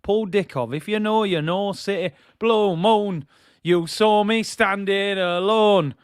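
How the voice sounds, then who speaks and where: A man's voice: sits high, normal speed, no echo, studio quality, pitched above the performer's own voice, lightly acted. A man putting on a Manchester accent as a boisterous, chanting City fan. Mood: gleeful. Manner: chanting, exaggerated, playful.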